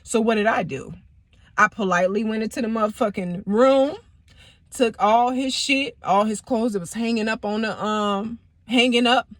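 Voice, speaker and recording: A woman telling a personal story in a casual, animated, profane way. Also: on the high side, moderate pace, dry recording. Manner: animated, profane, emphatic retelling. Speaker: vlogger, storyteller.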